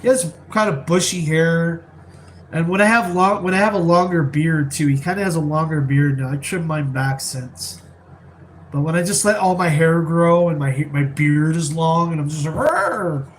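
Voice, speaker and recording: Brief: male live-streamer, relaxed rambling chat, slightly high pitch, faint background hiss. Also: moderate pace, rough recording. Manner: rambling, laid-back, many fillers. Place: rented apartment, keeping voice down.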